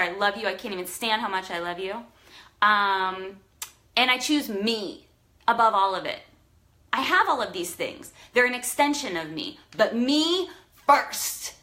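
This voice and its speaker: A woman's voice: medium pitch, sharp tone. A woman life coach in a motivational vlog, talking straight to her viewers, emotional and effusive, with frequent swearing for emphasis. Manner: effusive, profane, emphatic pep talk.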